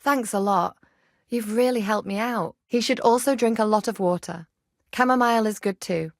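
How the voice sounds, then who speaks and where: A woman plays a feisty young herbalist healer in a matter-of-fact mood. Her medium-pitched voice, close to an everyday one, moves at a moderate pace, recorded with clean studio sound and no echo.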